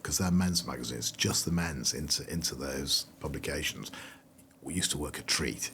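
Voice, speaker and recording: A man's voice: extremely low pitch, vocal fry, fairly bright tone, a little hiss or hum. A middle-aged man, a brand founder being interviewed, talking casually and rambling with lots of fillers and restarts. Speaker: guest.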